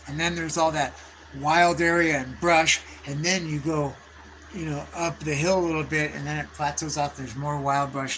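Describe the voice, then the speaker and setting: A man's voice: fairly high pitch, pushed and bright, a little hiss or hum, low-quality recording. A man, rambling through stories on a livestream in profane slang. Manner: profane, slangy, calls listeners dude and bro. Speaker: livestream host.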